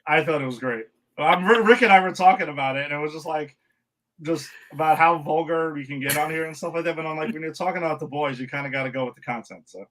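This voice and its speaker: Easygoing bright man hosting a podcast. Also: fairly high pitch, fast, poor audio. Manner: easygoing, laughs often, loose fillers. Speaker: podcast host. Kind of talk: casual podcast chat.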